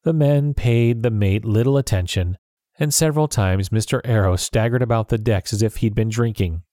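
A man narrating a storybook in an even, clear storytelling voice. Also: on the low side, moderate pace, dry recording, studio quality. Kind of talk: storybook reading.

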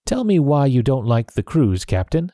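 A man doing a calm, sensible doctor. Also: mid-range voice, moderate pace, dry recording, clean studio sound, pitched above the performer's own voice, close to an everyday voice. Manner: steady and reasonable. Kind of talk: storybook reading.

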